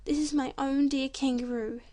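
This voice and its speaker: A woman's voice: high voice, fairly even intonation, normal speed, dark tone, natural voice. A woman reading as an eager little girl.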